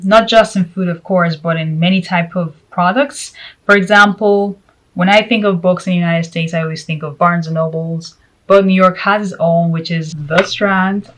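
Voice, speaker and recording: A woman's voice: lowish voice, a bit bright, rough recording. A woman vlog host chatting casually to camera, joking and laughing between points, with Spanish as her first language.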